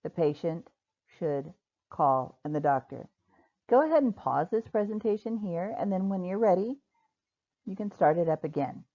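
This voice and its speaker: A woman gives a recorded grammar lesson in a fairly low, mellow voice. She speaks patiently and slows right down to model each example sentence. The recording sounds dull and lo-fi. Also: lively intonation. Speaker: ESL grammar teacher. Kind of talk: recorded online lecture.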